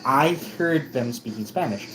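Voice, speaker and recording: An American vlogger tells a story in a casual video, rambling and frequently correcting himself with many restarts. His medium-pitched voice is animated at a measured pace, and the audio quality is poor.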